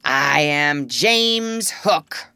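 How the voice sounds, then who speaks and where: A woman voicing a cheeky boy who mimics a pirate captain, mocking and booming. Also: lively intonation, extremely slow, bright, forceful tone, clear, resonant tone, no echo, clean studio sound, exaggerated voice.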